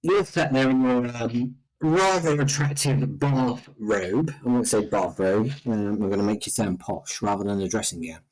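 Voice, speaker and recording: A man's voice: mid-range voice, normal speed, few pauses, darkish tone, rough recording. A middle-aged man with a London accent, co-hosting a podcast in casual chat and rambling with lots of fillers. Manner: rambling, heavy on "you know" fillers. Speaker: podcast co-host.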